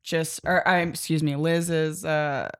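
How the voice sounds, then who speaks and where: A woman's voice: sits low, flat delivery, measured pace, clear, resonant tone, no room sound, studio quality. A woman co-hosting a podcast, recapping a comic in a rambling, casual way, with many fillers and easy laughter. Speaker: podcast co-host.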